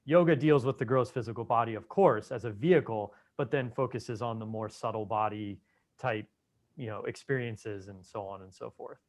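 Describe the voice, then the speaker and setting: Guy talking loose and easy as a guest, medium pitch, lots of you-knows. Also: normal speed. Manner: relaxed, lots of "you know" fillers. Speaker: Ayurvedic doctor, guest. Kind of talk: casual interview chat.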